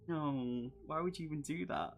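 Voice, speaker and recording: Reading a horror gamebook aloud on a live stream, this man speaks at a moderate pace in a voice on the high side, with a little hiss or hum in the audio. Between passages, he chats jokily with his viewers.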